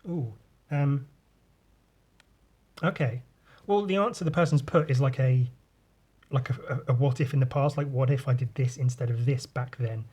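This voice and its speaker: A man's voice: fairly high pitch, darkish tone, husky. A man talks casually on his own podcast. He rambles from thought to thought and swears freely. He often trips over his words and starts his sentences again. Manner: rambling, sweary, restarts a lot. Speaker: podcast host. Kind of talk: casual solo podcast chat.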